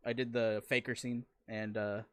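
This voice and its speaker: Excitable male interviewer, dry sound. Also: medium pitch, normal speed, clean tone, no echo. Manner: excitable, laughs often, swears freely. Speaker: interviewer and streamer. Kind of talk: casual chat.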